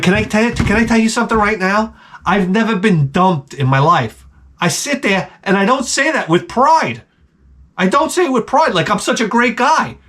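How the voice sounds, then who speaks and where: A man with a high voice gives blunt, crude relationship advice in a rambling comic monologue. He drifts from point to point and slips into the voices of the people he describes. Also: fairly bright tone. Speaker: advice vlogger.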